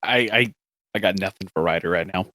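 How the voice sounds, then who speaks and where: A man playing a tabletop game who talks in a halting way, with many fillers. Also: low-pitched, sharp tone, dry recording. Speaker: player. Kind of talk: tabletop role-play talk.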